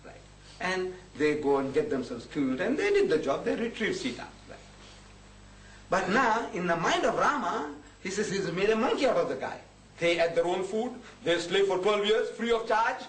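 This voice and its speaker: Animated man lecturing. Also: sits high, a little fast. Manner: animated, mocking, voices the people in his stories. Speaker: public lecturer. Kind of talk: lecture with acted-out anecdotes. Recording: echoey hall, distant mic, faint hiss.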